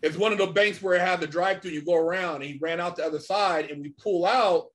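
A middle-aged man telling a story casually and animatedly, swearing often and filling pauses with "you know" and "man". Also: high voice. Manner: animated, swears a lot, many fillers. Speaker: podcast guest.

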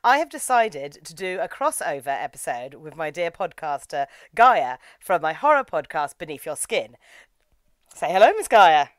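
Woman podcast host, enthusiastic reviewer, lower pitch, dry booth. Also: sing-song, moderate pace, no echo. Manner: enthusiastic, gushing, acts out quotes. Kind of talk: casual anime review chat.

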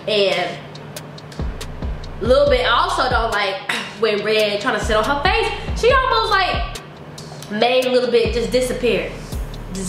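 A woman reacting to a clip in casual, slangy chat, short of breath. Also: a little high. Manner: blunt, chatty and slangy. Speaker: reaction vlogger. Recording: echoey room with music behind.

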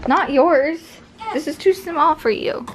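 A woman's voice: high voice, slow, soft background music. A woman filming at home at Christmas, coaxing her dogs to open presents and voicing their thoughts in a playful way. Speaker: vlogger. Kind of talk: home video, talking to pet dogs.

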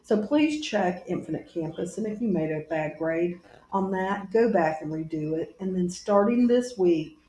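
A woman teacher giving a recorded grammar lesson to her class, patient and deliberate, spelling out each punctuation mark aloud. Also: lowish voice, dark tone, echoey room, slight background noise.

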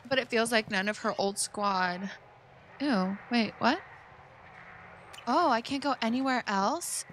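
A woman with a fairly high voice talks through a video game she is playing. Her commentary is chatty and rambling, openly emotional about the story. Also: a little slow, fairly bright tone, slight background noise. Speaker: let's play streamer. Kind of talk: casual gameplay commentary.

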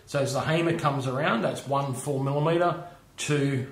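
Casual shop-demo host: a man of middle pitch, chatty and relaxed, echoey room sound. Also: moderate pace. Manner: chatty, checks in with okay and all right. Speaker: machinist showing tools. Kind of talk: casual workshop demonstration. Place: home workshop.

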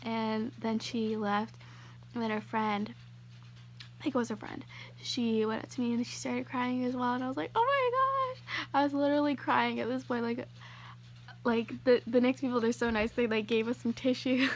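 A young woman YouTuber gushing to her viewers in a casual vlog, with lots of fillers. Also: a little high.

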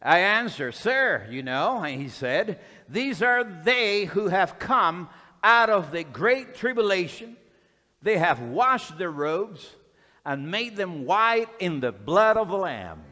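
Man, preacher, fervent sermon, slow deliberate delivery, long reverberant hall. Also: high-pitched, sing-song, sharp tone. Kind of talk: sermon with scripture reading.

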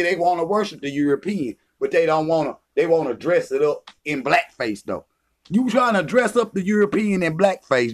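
Male vlogger, slightly high voice, angry profane rant full of taunts. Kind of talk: confrontational rant.

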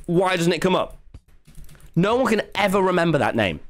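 Gaming live, an English-accented man talks loosely and rambles, breaking into profane rants at the slightest provocation. He has a high voice with big swings in pitch.

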